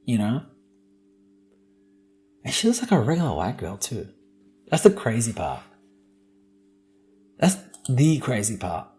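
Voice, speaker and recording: A man's voice: mid-range voice, wildly swooping pitch, a little slow, pauses often, a little mellow. A young man hosting a solo podcast, talking casually in a joking, profane, ranting way. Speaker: podcast host.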